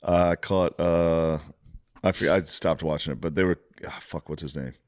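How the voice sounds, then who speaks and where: A man's voice: deep voice, fairly even intonation, normal speed. A man hosting a podcast, cracking crude jokes and laughing often in casual comedic chat. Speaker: podcast host.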